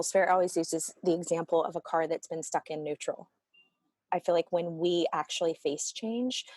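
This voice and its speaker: A woman's voice: fairly low pitch, dry recording. Earnest woman therapist, dry close sound. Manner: earnest, animated, reflective with restarts. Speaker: family constellation therapist. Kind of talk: conversational interview.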